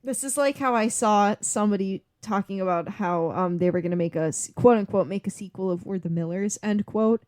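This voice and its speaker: A woman's voice: mid-range voice, a little fast, hardly any pauses, darkish tone, no room sound, clean studio sound. A woman co-hosting a movie podcast, chatting casually and swearing freely. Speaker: podcast co-host. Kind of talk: casual chat.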